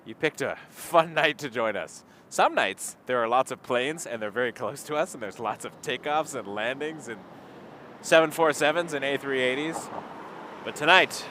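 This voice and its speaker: Standing outdoors by an airport runway at night, this Toronto-area Canadian livestreamer speaks in a mid-range, sharp-toned voice at a moderate pace. Cold and marching in place to stay warm, he chats and rambles, reading out viewer comments over traffic noise.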